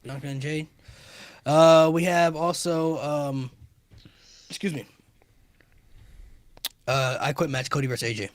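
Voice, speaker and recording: A man's voice: a little high, fairly even intonation, no room sound, studio quality. A man hosting a casual podcast chat, running through predictions with frequent fillers. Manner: quick, leads the rundown, hesitant fillers.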